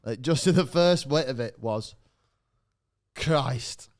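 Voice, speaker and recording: A man's voice: mid-range voice, lively intonation, normal speed, a little mellow. A man co-hosting a podcast, telling a rambling anecdote full of restarts and swearing. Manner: rambling with fillers and restarts, swears, laughs mid-sentence. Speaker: podcast co-host.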